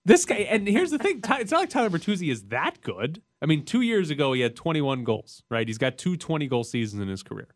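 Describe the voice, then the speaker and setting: A man co-hosting a casual sports talk show, getting animated and sharply rising in pitch when he makes a point. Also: fairly quick, hardly any pauses, dry recording, studio quality. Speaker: sports podcast co-host.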